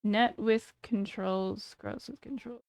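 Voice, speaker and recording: A woman's voice: medium pitch, steady tone, slow pace, a little mellow, no room sound. A woman in her thirties reacting on a live stream, thinking aloud in a chatty way with many fillers and self-corrections. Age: 30s. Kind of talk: casual live-stream commentary.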